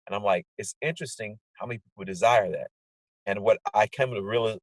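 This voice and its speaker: Animated man telling stories, husky voice. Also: fairly low pitch, dry recording, rough recording. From Portland area, USA. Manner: animated storyteller, acts out his own inner dialogue. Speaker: guest. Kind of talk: casual conversation over video call. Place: indoors at home, sunny day. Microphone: video call setup.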